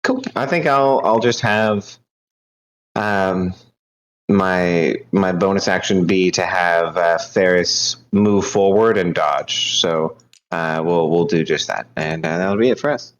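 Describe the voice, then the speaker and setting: Male tabletop player, lowish voice, hesitant casual delivery. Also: a little hiss or hum, low-quality recording. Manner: hesitant, many pauses. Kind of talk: casual tabletop game play.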